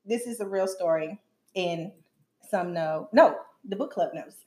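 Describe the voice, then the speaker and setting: A woman's voice: lowish voice, measured pace, dark tone. A woman co-hosting a podcast, telling a personal story in a chatty way. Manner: chatty storyteller, laughs easily. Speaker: podcast co-host. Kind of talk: casual chat.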